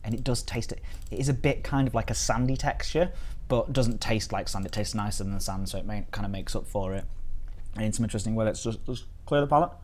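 A man's voice: lowish voice, fast talker, a little mellow. A man from the United Kingdom chatting casually on a live stream as he reviews biscuits and reads out the chat.

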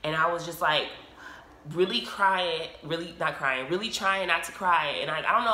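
Animated woman telling a story, acts out quotes, bright voice, roomy echo. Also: on the low side, moderate pace, a little hiss or hum. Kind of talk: casual storytime monologue.

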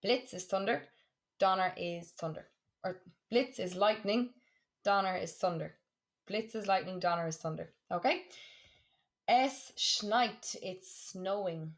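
A woman teaching a German lesson, saying words slowly and clearly and repeating them for practice. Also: mid-range voice. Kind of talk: classroom lesson for students.

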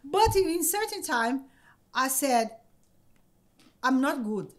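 Excited high-voiced woman. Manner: excited, laughing, halting with many repeated words. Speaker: podcast guest. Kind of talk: casual storytelling. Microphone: podcast microphone.

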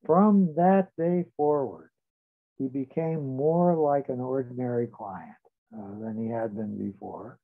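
Older guy, therapist telling stories from practice, gravelly voice, sounds like a phone line. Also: mid-range voice. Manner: measured, recounting dialogue with shifts in loudness. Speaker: psychotherapist. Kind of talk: reflective storytelling.

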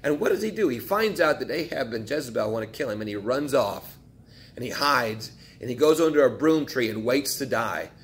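A man's voice: mid-range voice, expressive, brisk. A male pastor preaching a sermon in a conversational way, asking his listeners questions and acting out quotes from the text.

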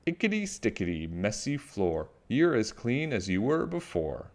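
A man's voice: medium pitch, sing-song, a little slow, pitched above the performer's own voice. A man voicing a cheerful, eager little girl witch in a storybook read-aloud. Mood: chanting spells. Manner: bright, delighted, childlike.

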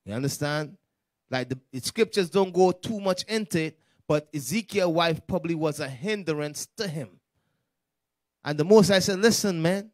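A man leading a street-style Bible lesson in slangy, animated talk, acting out the voices of the people in the text. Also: sits high, moderate pace, dry recording, studio quality. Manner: slangy, animated, acts out quoted speech. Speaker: Bible study teacher.

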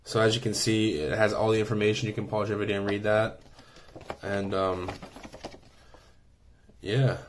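Excited man unboxing a knife, low voice. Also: moderate pace, pauses often, slight background noise. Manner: enthusiastic, rambling with many fillers. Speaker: knife reviewer. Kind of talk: casual unboxing review.

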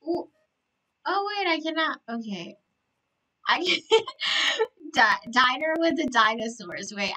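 A young woman live-streaming a game, gushing with excitement, gasping and repeating herself. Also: fairly high pitch, poor audio.

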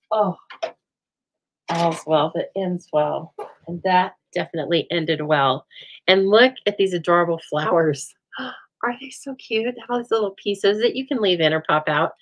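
A woman hosting a live stamping show from home, chatting and telling stories in an animated, rambling way. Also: lowish voice, slight background noise, low-quality recording. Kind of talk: chatty live crafting demo. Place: home craft room.

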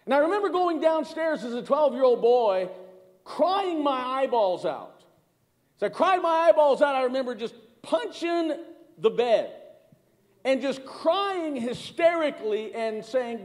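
High-pitched pastor preaching in a hall. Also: male voice, big pitch swings, unhurried. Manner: conversational, calls to the congregation, repeats words. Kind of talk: sermon. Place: church sanctuary.

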